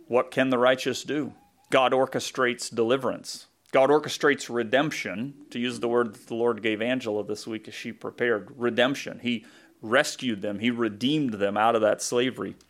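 A man's voice: mid-range voice, steady tone, moderate pace. Conversational Southern-accented male pastor preaching. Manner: thinks aloud with asides and self-correcting restarts. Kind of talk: conversational sermon.

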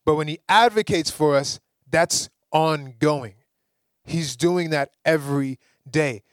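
Lively young male preacher, dry sound. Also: on the high side, slow, dry recording. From Caribbean. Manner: lively, rising to emphatic peaks. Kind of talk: sermon.

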